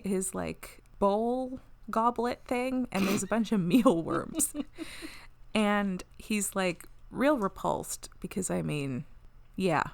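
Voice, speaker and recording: A woman's voice: mid-range voice, creaky. A woman co-hosting a podcast, recapping an episode in a chatty way and laughing often. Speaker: podcast co-host.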